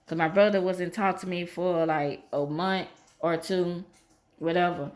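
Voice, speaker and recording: A woman's voice: lowish voice, fairly even intonation, a little slow. A woman telling a personal story in a rambling, repetitive, emphatic way. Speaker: vlogger.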